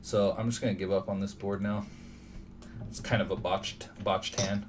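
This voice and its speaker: Gravelly low-voiced man muttering, distant mic. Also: moderate pace. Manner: mutters to himself, thinking aloud. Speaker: online poker player. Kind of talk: live commentary on his own poker session. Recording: distant mic with steady background noise.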